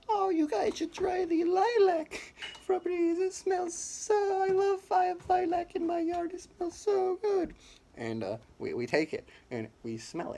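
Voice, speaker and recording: A young man giving a rambling, absurd mock campaign speech in a deadpan, blustering way. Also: mid-range voice, a little hiss or hum. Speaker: comedian.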